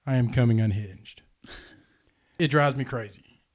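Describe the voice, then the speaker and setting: Guy on a podcast, earnest storyteller, gets animated, mid pitch. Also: a little slow. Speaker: podcast host. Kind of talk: casual chat, storytelling.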